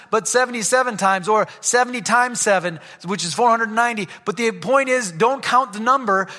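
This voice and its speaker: A pastor preaches in church, reading scripture and breaking into casual, joking asides to the congregation. His voice is very high-pitched, pushed and bright, with long hall reverb.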